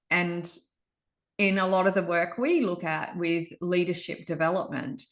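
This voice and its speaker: A woman's voice: lowish voice, steady tone, normal speed, fairly bright tone. A woman with an Australian accent hosting an online interview over a video call, asking reflective questions. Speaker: host.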